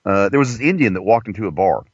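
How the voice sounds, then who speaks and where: A man's voice: fairly low pitch, animated, quick pace, slightly rough, no echo. A man doing a rambling, profane comedy monologue from inside a parked car. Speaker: comedian host. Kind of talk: crude stand-up monologue. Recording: dull lo-fi, dry.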